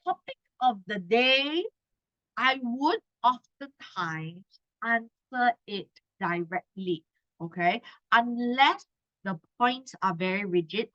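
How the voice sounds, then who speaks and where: A woman's voice: a little high, pushed and bright, highs cut off. A woman in her thirties with a Malaysian English accent, teaching an exam-prep class in a chatty way, often adding "okay?" to her points. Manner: chatty, tags lines with "okay?". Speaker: tutor.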